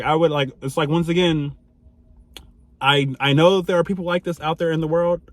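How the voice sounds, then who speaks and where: A young man telling a casual storytime vlog, animated and laughing, swinging between loud outbursts and hushed asides. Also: on the high side, dry recording. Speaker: vlogger.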